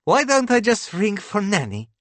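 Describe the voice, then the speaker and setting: A man voicing a sullen, haughty young wife who speaks in clipped, broken phrases with false brightness. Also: high voice, expressive, normal speed, no echo, pitched above the performer's own voice. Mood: mock sweet.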